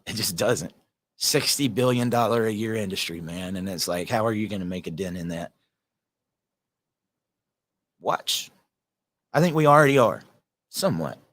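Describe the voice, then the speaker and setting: A man with a Southern American accent hosting his podcast, talking casually and earnestly, often repeating words. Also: fairly low pitch. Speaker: podcast host. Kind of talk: casual solo talk.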